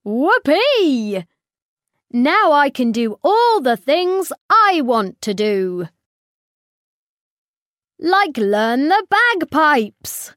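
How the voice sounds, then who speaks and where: A woman with a British accent voicing a grumpy old male farmer in a children's storybook reading, cross and begging for quiet. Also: sits high, sing-song, extremely slow, long pauses, dry recording, clean studio sound, heavily acted. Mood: gleeful. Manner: cross, pleading for silence.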